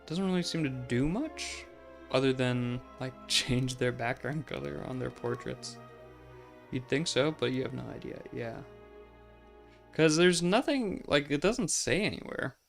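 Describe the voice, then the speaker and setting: A man's voice: mid-range voice, animated, measured pace, creaky, soft background music. A man hosting a let's play, giving casual gameplay commentary in a chatty, musing way, often saying "like" and laughing.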